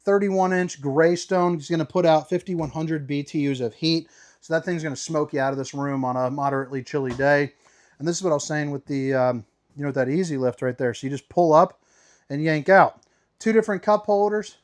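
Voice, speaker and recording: Speaking a bit high and briskly, a man guides viewers around the inside of a travel trailer as an RV tour host. The mood is cheerful and playful, full of slang and asides, and he calls his audience "baby."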